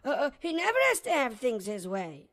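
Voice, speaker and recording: A woman's voice: a little high, sing-song, a little fast, a bit bright. A woman voicing a timid, stammering young schoolboy in a children's drama. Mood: flustered. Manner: stammering, hesitant.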